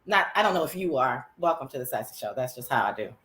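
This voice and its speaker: Her very deep voice moves fast as she hosts her own live chat show. The woman keeps it casual, sassy and slangy, excitable throughout, with bursts of shrieking laughter.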